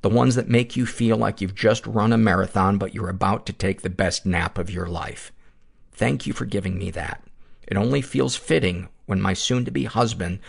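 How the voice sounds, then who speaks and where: A man's voice: sits low, gravelly, slightly rough. A man hosting a podcast, reading a listener's letter aloud and then reflecting earnestly, with rambling asides. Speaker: podcast host.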